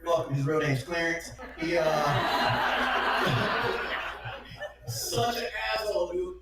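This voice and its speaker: A man doing a crude stand-up set, often laughing at his own jokes. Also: fairly high pitch. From Detroit, USA. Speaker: stand-up comedian. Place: comedy venue with laughing audience. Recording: echoey room, heard from far off, audience noise.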